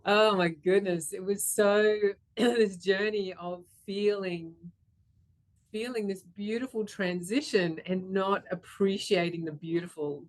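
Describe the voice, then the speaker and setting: A middle-aged woman, telling a personal story and acting out her inner voice in a self-mocking way. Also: mid-range voice. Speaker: speaker. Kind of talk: storytelling talk.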